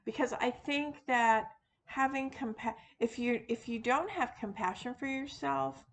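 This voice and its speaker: A woman with a fairly high voice talks slowly to her viewers, loosely and without a script. She wanders with fillers, restarts her sentences and laughs off her own muddled points. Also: gravelly. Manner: rambling, frequent fillers and restarts, self-deprecating. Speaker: witchcraft video host; teacher of classes. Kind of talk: casual unscripted monologue.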